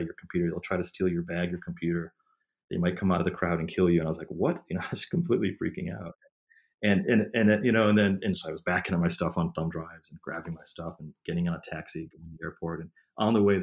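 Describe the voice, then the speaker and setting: A deep-voiced man, appearing as a historian guest, answers interview questions by rambling through stories full of fillers and restarts.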